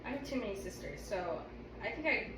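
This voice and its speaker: A woman's voice: mid-range voice, expressive, a little fast. A woman in her twenties chatting as a guest, laid-back and swearing freely. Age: 20s. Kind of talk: casual chat. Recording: echoey room from a distance, noisy.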